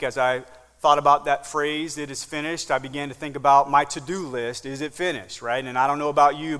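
Man in his 40s preaching, slightly high voice, goes quiet then loud, long church echo. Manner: dynamic, swings from hushed to loud. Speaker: pastor. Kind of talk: sermon. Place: church sanctuary.

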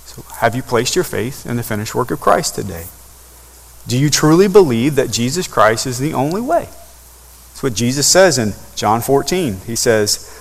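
A man's voice: mid-range voice, gravelly. A man preaching a sermon, rising repeatedly to impassioned peaks. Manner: building to impassioned crescendos. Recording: long hall reverb.

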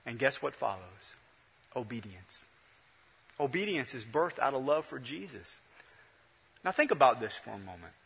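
Male pastor, sermon delivery, bright and husky, rising and dropping volume, long church reverb. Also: mid-range voice, very animated, normal speed, pauses often. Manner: swings from loud to hushed, repetitive preaching cadence.

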